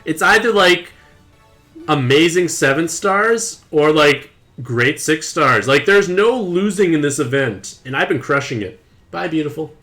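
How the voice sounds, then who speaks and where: A man's voice: fairly high pitch, measured pace, soft background music. Chatty, playful young man streaming a game. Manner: chatty and playful, excited outbursts. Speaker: gaming streamer. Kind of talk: casual game commentary to live chat.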